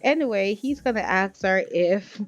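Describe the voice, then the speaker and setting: A woman's voice: mid-range voice, expressive, normal speed, muffled recording, soft background music. A woman narrating a life-sim game story in a chatty, casual way, talking straight to viewers.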